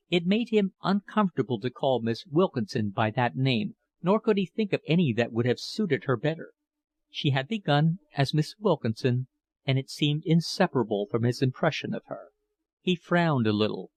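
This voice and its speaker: In a dry recording free of room sound, a mid-range male voice narrates a classic novel for an audiobook, expressive yet measured.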